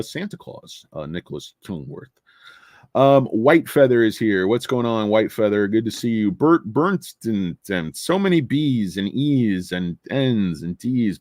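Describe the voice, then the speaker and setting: A man's voice: mid-range voice, darkish tone, no echo. A middle-aged man hosting a casual livestream, tired and over-caffeinated, rambling and joking with the chat. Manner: rambling, joking, greets chatters. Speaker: livestream host.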